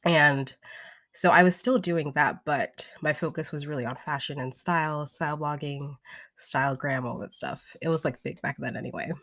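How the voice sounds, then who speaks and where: A woman in her twenties who hosts a podcast and works as a vocal coach chats casually on a replayed live stream, upbeat and talkative with plenty of filler words. Her voice sits low and slightly bright, with fairly even intonation at a normal pace. The recording is close and dry, with no room around her.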